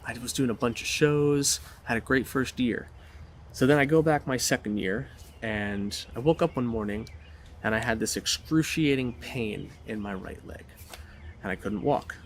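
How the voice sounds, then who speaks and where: A man giving a motivational talk, telling his personal story in an animated, dramatic way. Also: mid-range voice, moderate pace, slight background noise. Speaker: motivational speaker.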